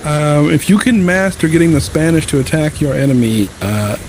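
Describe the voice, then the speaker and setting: A man chatting during a live roleplay game, halting and repeating himself. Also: on the high side, darkish tone, slight background noise. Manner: hesitant, lots of uhs and repeats. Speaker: roleplay player. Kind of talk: casual game chat.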